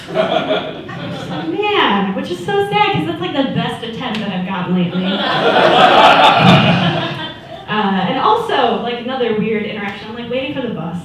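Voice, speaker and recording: A woman's voice: fairly high pitch, big pitch swings, measured pace, pauses often, very noisy. A woman in her twenties doing a stand-up comedy set, telling stories in a chatty way and acting out the people in them. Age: 20s. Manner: chatty storytelling, acts out voices. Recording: echoey room, mic from a distance.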